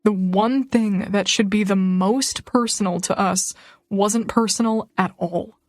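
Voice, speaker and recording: A woman's voice: fairly even intonation, measured pace, a little mellow, no echo, clean studio sound, close to an everyday voice. Woman voicing a hurt young man. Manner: low, subdued and wounded. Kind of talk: audiobook character voice.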